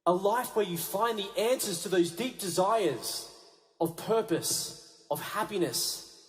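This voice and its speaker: A Catholic priest with a fairly high voice gives an energetic youth rally talk on a stage mic. He sinks his voice low and soft to land a point. The sound rings around a big, reverberant hall. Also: slow pace, faint music behind. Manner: energetic, dropping low and quiet for emphasis. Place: large conference hall with a big audience. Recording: echoey large hall.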